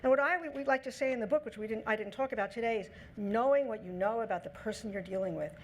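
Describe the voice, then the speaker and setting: Woman giving a talk, kinda high voice, animated, acts out the dialogue, slight background noise. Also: quick pace. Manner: lively, acts out quoted dialogue in her talk. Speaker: speaker on negotiation. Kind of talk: lecture talk.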